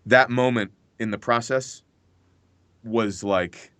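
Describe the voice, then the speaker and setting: A male voice actor as a podcast guest, telling animated stories and swearing freely. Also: medium pitch, takes it slowly, no room sound. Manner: animated storyteller, swears freely, acts out his own reactions. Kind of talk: casual podcast interview.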